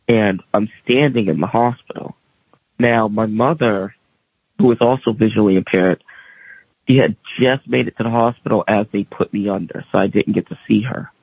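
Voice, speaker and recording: A man's voice: lowish voice, creaky, breathy edge, no room sound. A young man, a guest on the show, earnestly telling a personal story and voicing the dialogue of the people in it. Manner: earnest, vivid retelling with quoted dialogue. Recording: tinny dry phone-line sound.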